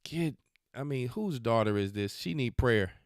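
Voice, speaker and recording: A man hosts a faith podcast, reacting to clips with scolding, preachy remarks in casual slang. His voice is smooth and resonant, recorded dry and close with no room sound. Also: mid-range voice, animated, unhurried, no room sound. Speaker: podcast host. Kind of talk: religious commentary on videos.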